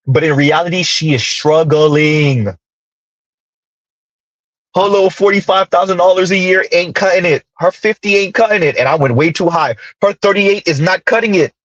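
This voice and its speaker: A man's voice: sits high, moderate pace, fairly bright tone, no echo, muffled recording. A millennial man in his thirties hosting a casual commentary monologue, ranting with sarcastic asides. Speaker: commentary channel host.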